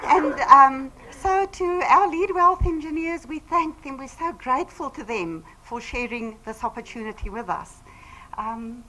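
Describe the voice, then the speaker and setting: A woman's voice: high-pitched, unhurried, a loud crowd, heavy background noise. A woman giving an earnest, emphatic testimonial speech to a live audience on a handheld microphone. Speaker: business team speaker.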